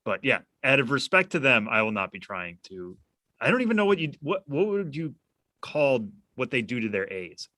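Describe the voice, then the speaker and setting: A man's voice: medium pitch, big pitch swings, normal speed, pushed and bright, no echo. A man co-hosting a podcast in casual chat, playful and wry. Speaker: podcast co-host.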